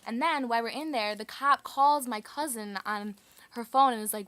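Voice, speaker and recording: A woman's voice: fairly high pitch, fairly even intonation, moderate pace, fairly bright tone, no echo. Chatty woman telling a story. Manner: chatty, lots of "like" fillers. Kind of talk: casual personal storytelling.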